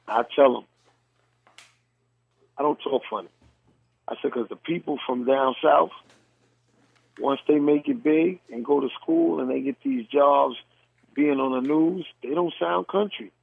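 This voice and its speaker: Podcast host, new york man, gravelly, husky, blunt, phone-line sound. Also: medium pitch, a little slow, pauses often, no room sound. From New York City. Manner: blunt storyteller, mimics dialects. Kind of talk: casual chat.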